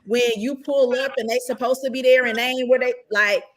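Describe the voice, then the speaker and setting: A woman's voice: high-pitched, steady tone, a little fast, a little hiss or hum. A woman speaking as a real estate investor, giving casual, emphatic advice and often checking in with rhetorical questions.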